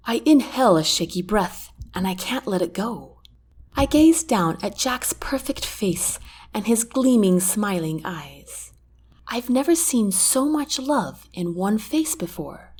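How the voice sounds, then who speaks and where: A woman reading a first-person romance audiobook in an expressive storytelling manner. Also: mid-range voice, takes it slowly, husky. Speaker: audiobook narrator.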